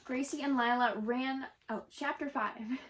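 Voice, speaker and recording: Woman storyteller, gentle read-aloud for kids, slightly high voice. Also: steady tone, unhurried, poor audio. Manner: gentle, occasional slips and self-corrections.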